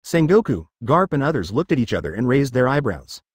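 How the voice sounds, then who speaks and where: A man reading a fan-fiction story aloud as narrator, in a steady read-aloud delivery that barely changes between characters. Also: mid-range voice, a little fast, slightly rough, no room sound, clean studio sound. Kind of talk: reading a fanfic audiobook.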